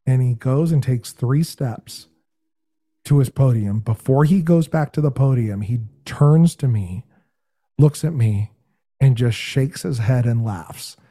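A man telling a story in casual podcast talk, animated and full of imitated voices. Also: medium pitch, unhurried. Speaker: podcast guest, game show host.

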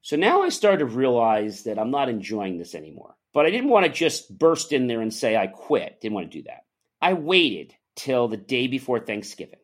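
Animated man telling a personal story. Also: mid-range voice, moderate pace. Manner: animated, acts out the other people's voices. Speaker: interview guest.

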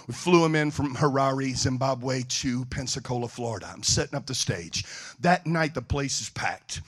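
A man preaching a sermon, telling funny stories in an animated, joking way. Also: mid-range voice, moderate pace. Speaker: evangelist. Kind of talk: sermon storytelling.

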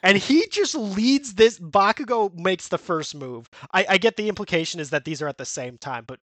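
A man's voice: high voice, animated, a bit bright, no room sound. A man co-hosting a podcast, chatting casually and rambling with fillers and restarts. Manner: rambling, many fillers and restarts, quick quoted character lines. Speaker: podcast co-host. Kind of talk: casual chat recapping a manga.

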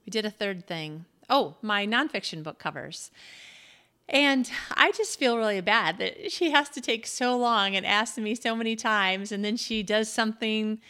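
A woman's voice: mid-range voice, unhurried, sharp tone, smooth. A woman from the United States talking casually in a solo monologue, chatty and self-deprecating, laughing often. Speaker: podcast host and author.

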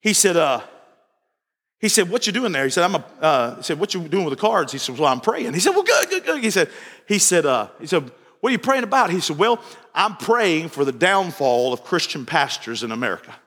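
A man's voice: a little high, very animated, fairly quick, fairly bright tone. A male pastor preaching an evening sermon, telling folksy stories and repeating his phrases. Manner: folksy storytelling, repeats phrases, acts out dialogue. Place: church sanctuary. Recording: reverberant church hall.

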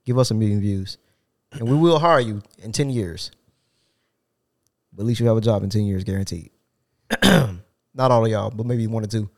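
A man's voice: fairly low pitch, normal speed, pauses often, darkish tone. A man co-hosting a podcast, casually chatting and ribbing his co-host with playful jabs. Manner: teasing banter, playful jabs. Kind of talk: casual chat.

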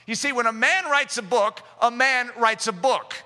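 Fervent high-voiced male preacher. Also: normal speed. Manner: fervent, rising to shouts for emphasis. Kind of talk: sermon. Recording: echoey hall reverb.

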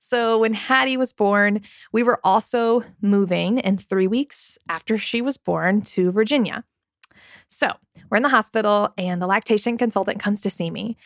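A woman's voice: mid-range voice, normal speed, dry recording. A woman in her thirties hosting a parenting podcast, telling a personal story in a candid, chatty, confiding way into a studio mic. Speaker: podcast host. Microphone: studio microphone.

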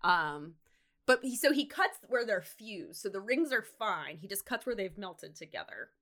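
A young woman co-hosting a podcast, casually retelling a story in a chatty, animated way, full of fillers and swearing. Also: mid-range voice, moderate pace. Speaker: podcast co-host.

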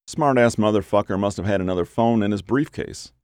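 A man reads gritty crime fiction with steady storytelling pacing. His voice sits fairly low. The recording is dry, with no room sound. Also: brisk, hardly any pauses, smooth, no room sound. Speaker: audiobook narrator. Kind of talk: scripted crime fiction narration.

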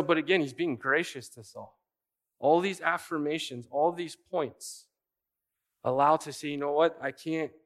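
A man's voice: a little high, a bit bright. A man preaching a sermon, asking rhetorical questions and repeating key phrases for emphasis. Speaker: pastor.

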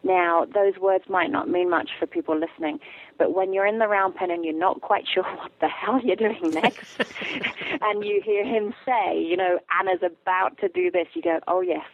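A woman guest talking casually in an interview, telling stories with lively acted-out quotes. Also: medium pitch, moderate pace, no echo. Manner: animated storyteller, acts out quotes. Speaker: guest, animal communicator. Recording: tinny phone line, dry.

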